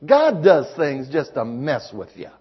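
A man's voice: a little high, huge pitch swings, unhurried, breathy edge. A man preaching a sermon, telling folksy personal stories with emphatic rises in his voice. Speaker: pastor. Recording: slightly dull lo-fi sound.

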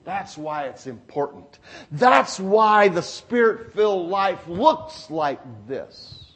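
A preacher with a strikingly high voice delivers his sermon at an unhurried, deliberate pace. He drives points home through repetition, rising to loud exclamations and then dropping to hushed asides. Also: lively intonation, breathy edge. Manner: emphatic preaching with repeated phrases.

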